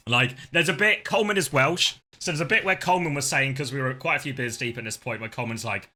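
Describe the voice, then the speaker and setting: A man's voice: mid-range voice, fast talker, hardly any pauses, bright, forceful tone. A man streaming, telling a casual story with lots of laughter and the odd swear word.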